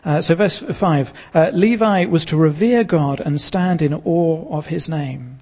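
A man preaching a sermon as pastor of his church, earnest and emphatic, repeating key lines with pauses. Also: a little high, a little mellow, big-room sound.

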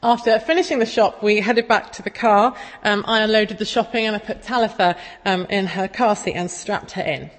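A woman's voice: medium pitch, moderate pace, few pauses. Chatty woman preaching in a hall. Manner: chatty, self-deprecating storytelling. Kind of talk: casual sermon. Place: church. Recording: long echo of a church hall.

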